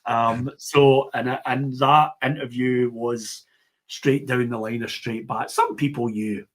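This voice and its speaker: Husky Scottish broadcaster telling stories. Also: male voice, mid-range voice, slow. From Scotland. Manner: lively storyteller who acts out the players he quotes. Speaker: football broadcaster, guest. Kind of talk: casual interview chat.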